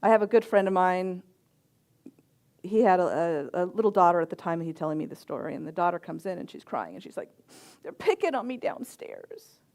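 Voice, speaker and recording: A middle-aged woman, a reverend and chaplain, giving a sermon with personal stories in a gentle, reflective voice with soft pauses. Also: on the low side.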